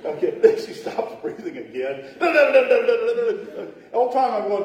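A man's voice: high-pitched, sing-song, unhurried, a little mellow. Man preaching in a very echoey hall. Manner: chatty, laughing asides, acts out voices in stories. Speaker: pastor. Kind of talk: storytelling sermon. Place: church sanctuary. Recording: echoey church hall from far off.

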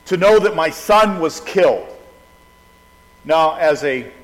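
A middle-aged man with a fairly high voice preaches a sermon, talking it through in a loose, conversational way and stumbling over restarts. His voice rings out with a long reverb in a large hall. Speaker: pastor.

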